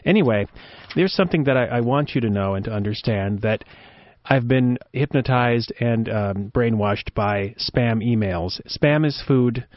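A man's voice: medium pitch, a little slow, no echo. A man hosting a radio show, rambling through wry, joking commentary. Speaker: radio host. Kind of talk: casual commentary. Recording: dull dry lo-fi sound.

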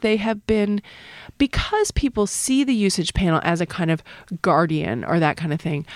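A woman's voice: on the low side, no echo, studio quality. A middle-aged woman, a linguist, answering interview questions in a thoughtful, explanatory way, sometimes restarting her sentences. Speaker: linguist, usage panel member.

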